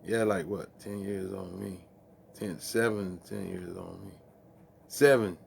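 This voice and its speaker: Man, low gravelly voice, profane rambling chat, laughs a lot, late-night music stream host. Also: fairly even intonation, takes it slowly, a little hiss or hum.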